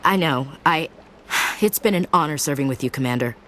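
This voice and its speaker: A woman's voice: low voice, lively intonation, fairly quick, a bit bright, a little hiss or hum. An actress playing a tough, blunt female marine gunnery chief in a video game, with a sardonic soldier's way of talking. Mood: earnest.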